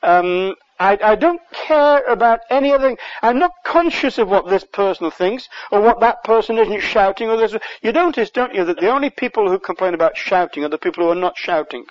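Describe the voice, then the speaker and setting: A man from England preaching an impassioned sermon, rising louder on key words. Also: sits high, animated, fairly quick, hardly any pauses, dry recording, lo-fi sound.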